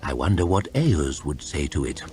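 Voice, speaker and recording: A man's voice: extremely low pitch, very animated, normal speed, darkish tone, voice pushed down. A man voicing an old male wizard who speaks in a wry, teasing way. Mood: amused. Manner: chuckling, teasing.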